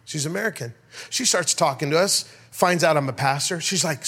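A middle-aged pastor giving a sermon, telling stories in an animated way and calling out to his congregation. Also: fairly high pitch, a little fast. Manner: animated storyteller, rhetorical calls to the crowd. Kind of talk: sermon with storytelling.

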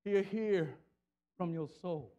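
A man preaching a sermon in a colloquial style, repeating phrases rhythmically and rising to shouted climaxes with call-and-response. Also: high voice, takes it slowly, muffled recording.

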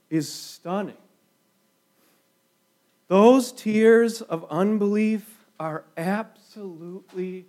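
A man with a high voice delivers a sermon at an unhurried pace. He leans hard on key words and lets long pauses hang. Often his voice falls to a near hush at the end of a thought. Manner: slow, emphatic preaching with dramatic pauses and sudden quiet drops. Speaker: pastor.

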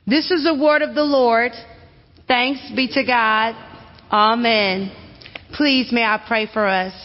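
A woman's voice: a little high, fairly even intonation, slow. A woman from Arkansas, a guest preacher delivering a sermon in a folksy, friendly manner. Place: church sanctuary. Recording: dull sound in a reverberant church.

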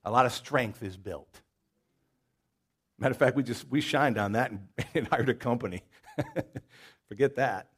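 A man's voice: medium pitch, moderate pace, long pauses, slightly rough. A man preaching a sermon in a folksy, conversational way, with jokes and stories and a Southern US accent. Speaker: pastor. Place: church.

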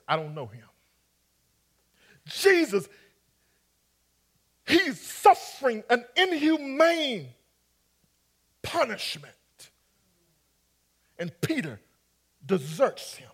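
High-voiced preacher, slow and dramatic. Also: male voice, wildly swooping pitch, slightly rough. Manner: dramatic preaching that acts out scripture, coaxing the congregation. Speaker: pastor. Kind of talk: sermon.

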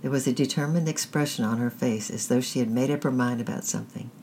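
A measured storyteller reads a children's tale aloud. The voice sits in a middle pitch with a gravelly grain. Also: darkish tone, a little hiss or hum. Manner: measured, deliberate reading. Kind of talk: scripted narration of a children's story.

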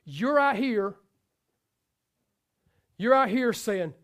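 A man's voice: high voice, moderate pace. A man preaching a sermon to his congregation, talking in a loose, conversational way with frequent repetitions and asides. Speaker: pastor.

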